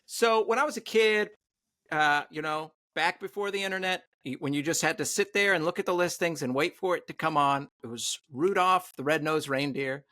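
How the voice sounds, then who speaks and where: A man's voice: on the high side, normal speed, pushed and bright, no echo, studio quality. A man guesting on a podcast, chatting casually in an easygoing way and laughing often. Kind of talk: casual chat.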